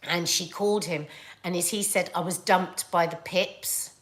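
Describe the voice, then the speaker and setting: A chatty British woman with a lowish voice and a British English accent hosts a livestream, reading viewer comments at normal speed. Her casual chat is animated storytelling full of laughs and asides.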